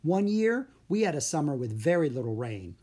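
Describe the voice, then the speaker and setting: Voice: mid-range voice, sing-song, normal speed, dark tone, breathy edge. A reader voicing an eager, friendly young boy dragon master in a storybook audiobook. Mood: excited. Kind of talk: audiobook character reading.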